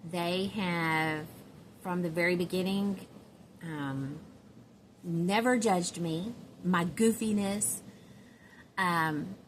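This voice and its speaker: A woman's voice: lowish voice, very slow, long pauses, a little hiss or hum. A middle-aged woman with a Southern US accent, chatting casually to camera in a rambling, giggly way with lots of fillers. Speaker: doll collector vlogger.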